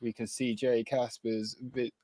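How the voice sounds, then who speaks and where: A man's voice: medium pitch, level tone, a little slow, warm tone, dry recording. A British man hosting a casual live stream, chatty, laughing often and restarting his sentences. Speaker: stream host.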